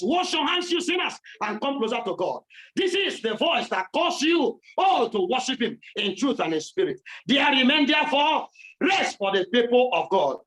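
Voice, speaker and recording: A man with a Nigerian accent preaching a fervent sermon in church, often shouting in repeated rising phrases. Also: sits high, rough recording.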